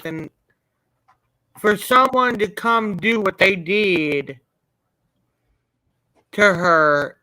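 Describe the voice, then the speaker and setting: Guy fighting back tears, high bright voice, slow halting talk, super dry sound. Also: no echo, low-quality recording. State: near tears. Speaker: interviewee. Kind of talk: emotional interview.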